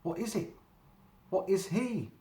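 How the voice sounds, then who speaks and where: A man's voice: high voice, very animated, moderate pace, distant mic, slight background noise, voice pushed up. A man voicing a frightened, panicky young girl in a read-aloud storybook. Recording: roomy echo.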